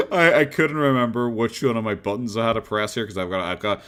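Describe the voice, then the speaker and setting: A man's voice: mid-range voice, animated, moderate pace, a bit bright. A young man from Northern Ireland, a live streamer chatting casually with viewers in a rambling, blunt, profane way with frequent chuckles.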